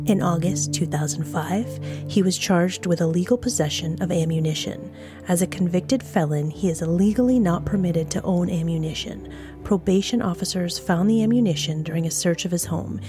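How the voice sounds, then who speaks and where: Lowish woman's voice telling a true crime story, blunt offhand asides, clear music behind. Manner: frank, conversational, blunt asides. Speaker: true crime podcast host. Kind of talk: scripted true crime narration with casual asides.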